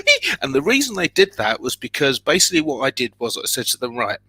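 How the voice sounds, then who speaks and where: A man tells stories with a lot of rise and fall in his voice, jumping into little acted scenes and sudden loud exclamations. His tone is bright and forceful. The sound is dry and close, with no room echo. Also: medium pitch. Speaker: guest. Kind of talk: animated personal storytelling.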